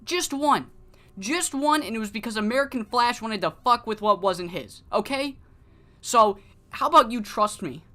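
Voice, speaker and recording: A man's voice: high voice, animated, moderate pace, bright, forceful tone. A woman voicing an arrogant male wrestling champion who brushes off doubts. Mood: boastful. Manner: boastful, brusque.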